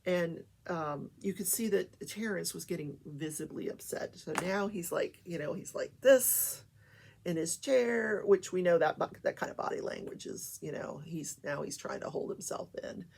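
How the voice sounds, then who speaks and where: A woman's voice: lowish voice, moderate pace, creaky, darkish tone, a little hiss or hum. An older woman hosting a talk show, chatting casually through a trial recap with many fillers.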